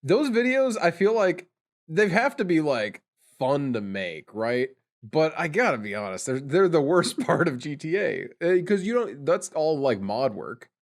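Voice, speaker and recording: A man's voice: on the high side, measured pace. Dude on a podcast, voice bouncing all over, teasing his friends. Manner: animated, teasing, jumps into impressions. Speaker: podcast co-host. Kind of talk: casual chat.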